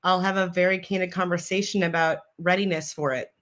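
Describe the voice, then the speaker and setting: A woman guest on a talk show, speaking in a thoughtful, candid and measured way. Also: lowish voice, fairly even intonation, a bit bright. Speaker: guest expert. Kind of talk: casual video-call chat.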